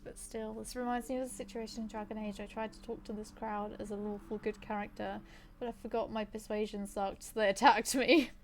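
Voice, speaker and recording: A woman with an English accent chatting casually and laughing with viewers while streaming a fantasy game. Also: on the high side. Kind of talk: casual live-stream chat.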